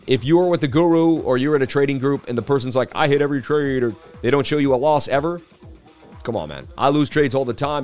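A middle-aged man hosting a casual crypto live stream, chatty, with a sports-presenter delivery. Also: medium pitch. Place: traveling.

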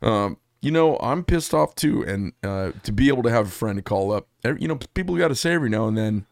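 A male host with a low voice speaks casually and bluntly. The sound is dry. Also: animated, quick pace, no room sound. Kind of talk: casual interview talk.

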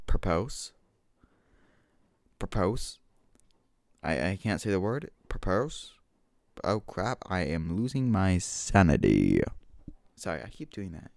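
A man with a low, gravelly voice rambles alone at home into a desk microphone. He drifts between goofy asides and self-mocking jokes. The sound is close and dry. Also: very animated, normal speed, darkish tone, no room sound. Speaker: solo podcaster. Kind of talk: casual solo rambling. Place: home room with washer and dog. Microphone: desk mic with gain control.

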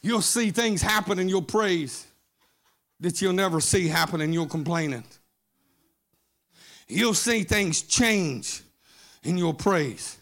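A man preaching a sermon in a church, shouting in a sing-song Pentecostal cadence with frequent "uh" fillers. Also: high-pitched, expressive, slow pace, pauses often.

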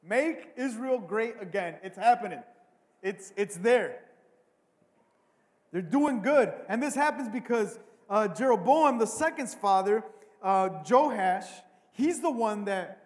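A man preaching a sermon as a pastor, swinging between hushed asides and loud, emphatic bursts, often repeating words. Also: sits high, expressive, takes it slowly, big-room sound.

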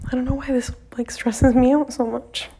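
A woman's voice: sits high, little pitch movement, normal speed, dark tone, slightly rough. A young woman hosting her own podcast alone, talking casually and nervously into her mic, rambling with lots of fillers and the odd swear. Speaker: podcast host. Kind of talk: casual solo podcast monologue.

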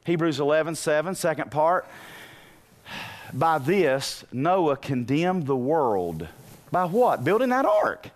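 Male pastor, animated sermon delivery, fairly high voice with lots of pitch movement. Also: takes it slowly. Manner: animated preaching, rising to shouts, asks the congregation questions.

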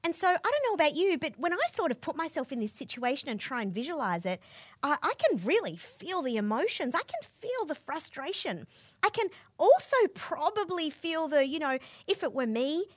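A woman preaching a sermon in a fairly high voice that swings up and down, vivid and expressive as she walks through a scripture story. The recording is dry and close, with no room sound. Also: moderate pace, dry recording. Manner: expressive storytelling, asks listeners to imagine the scene.

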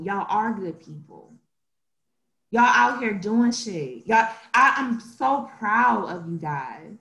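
A woman's voice: mid-range voice, a bit bright. Emotional young woman in a roomy space. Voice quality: emotional, tearful at times. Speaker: podcast co-host. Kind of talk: emotional casual podcast chat.

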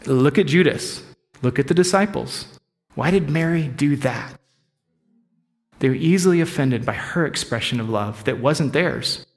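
A man's voice: mid-range voice, unhurried. Male pastor preaching in a reverberant hall. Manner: candid, conversational, self-disclosing. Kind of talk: sermon. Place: church sanctuary.

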